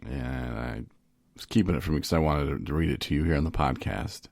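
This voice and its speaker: A man's voice: extremely low pitch, brisk, creaky, a little mellow, no room sound, studio quality. A man co-hosting a casual podcast about recovery, joking and rambling, often cutting himself off mid-thought. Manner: joking, rambling, self-interrupting. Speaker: podcast co-host.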